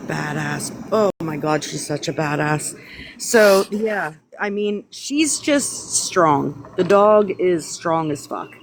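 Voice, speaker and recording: Profane, slow-talking woman host. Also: sits low, expressive, a little hiss or hum. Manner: blunt and profane. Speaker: live stream host. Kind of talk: casual chat.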